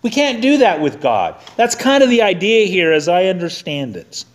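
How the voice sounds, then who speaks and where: A middle-aged male pastor preaching in a church sanctuary. He keeps the sermon folksy and conversational, with a fairly high voice for a man. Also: big pitch swings, normal speed.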